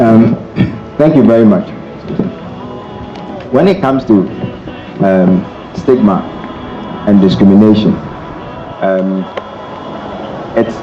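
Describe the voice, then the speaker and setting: A man speaking as the special guest at a seminar, emphatic and repeating his key phrases between pauses. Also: on the low side. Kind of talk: motivational seminar talk. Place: seminar hall. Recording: dull echoey hall, faint noise.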